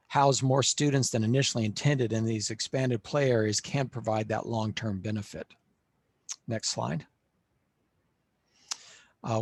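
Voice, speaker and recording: A man presenting on school facilities to a panel in a webinar. He speaks in a measured way, with frequent "uh" fillers. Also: medium pitch, no room sound.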